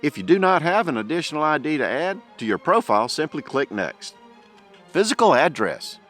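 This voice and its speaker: A man talks in a casual, coaxing way, often dropping to a hush. His voice is a little high and swings widely in pitch. Faint music plays beneath him. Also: big pitch swings, a little fast. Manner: hushed, coaxing, folksy. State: a bit out of breath. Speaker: vlogger. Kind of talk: casual outdoor vlog and how-to talk. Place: outdoors in woods.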